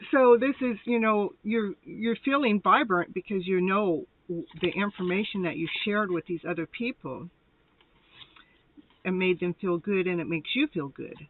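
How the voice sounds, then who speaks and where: A woman's voice: medium pitch, unhurried. A woman hosting a live tarot show, chatty and rambling, laughing often and a little short of breath. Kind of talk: casual live tarot reading. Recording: tinny phone-like line, dry.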